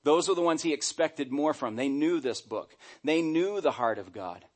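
A middle-aged man preaching a sermon as pastor, animated and acting out quoted voices. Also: fairly high pitch, moderate pace.

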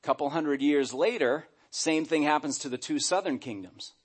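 A middle-aged man delivers a sermon from the pulpit with an animated, storytelling manner, now and then slipping into the voices of the people he quotes. His voice sits a little higher than most men's. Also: moderate pace, husky. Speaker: pastor.

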